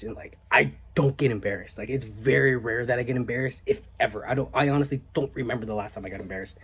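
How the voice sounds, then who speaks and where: A young man vlogging, telling a story casually and with animation, often dropping to hushed asides. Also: mid-range voice, fast, hardly any pauses.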